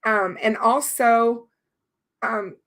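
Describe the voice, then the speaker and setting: A woman's voice: a little high, steady tone, extremely slow. A woman hosting a livestream in casual chat, her voice strained and worn, talking on with many fillers. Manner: chatty, warm thanks, many fillers. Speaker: livestream host.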